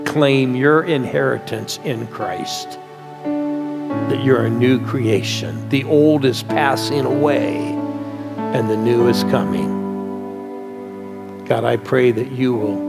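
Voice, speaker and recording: A man's voice: medium pitch, vocal fry. A male pastor preaching a sermon and leading the congregation in prayer they repeat after him.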